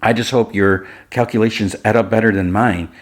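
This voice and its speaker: A man's voice: on the low side, steady tone, a little fast, voice pushed up, natural voice. A man playing a weary winged fairy woman who talks wistfully.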